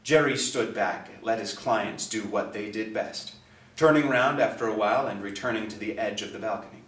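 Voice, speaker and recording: A man narrating a novel in a steady, expressive reading. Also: on the low side, normal speed. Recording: echoey, distant mic.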